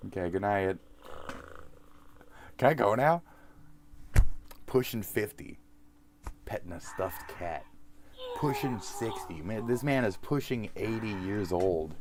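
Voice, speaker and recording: A man's voice: sits low, darkish tone, slight background noise. A man in his forties, a streamer, rambling through a profane, self-mocking sign-off to his viewers. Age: 40s.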